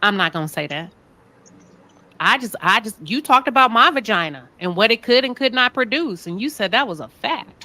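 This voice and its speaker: A woman's voice: fairly high pitch, animated, moderate pace, sharp tone. A woman with a Southern American accent hosting a live talk show, asking pointed, sassy rhetorical questions. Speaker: show host.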